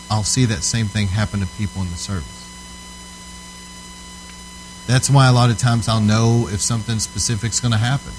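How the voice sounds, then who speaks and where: Low-voiced man preaching conversationally. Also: darkish tone, slight background noise, low-quality recording. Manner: casual storytelling, checks in with "Okay?"; earnest, emphatic. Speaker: preacher teaching on altar ministry. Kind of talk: conversational sermon teaching.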